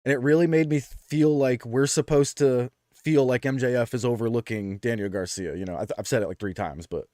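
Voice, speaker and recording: A man's voice: medium pitch, brisk, few pauses, a little mellow, no room sound, clean studio sound. A man co-hosting a podcast in casual chat, talking loosely with frequent fillers and restarts. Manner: chatty, with many "um"s and restarts. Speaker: podcast co-host.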